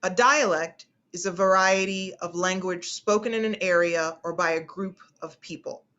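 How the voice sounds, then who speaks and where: Woman, speech instructor, online class, chatty, repeats herself, lowish voice, muffled call audio. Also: normal speed, fairly bright tone. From United States. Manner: chatty, repeats phrases and restarts often.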